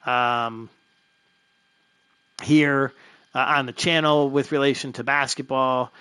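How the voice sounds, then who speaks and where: A man's voice: mid-range voice, fairly even intonation, slow, pushed and bright, smooth, no echo. A man hosting a live stream of a baseball franchise game, talking loosely with lots of fillers and little chuckles. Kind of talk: casual live-stream commentary.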